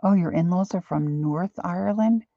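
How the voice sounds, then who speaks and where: An older woman paints on a live stream, chatting loosely and reading viewers' comments out loud as she works as the instructor. Her voice is on the low side and her pace moderate. The recording has no echo and sounds dull.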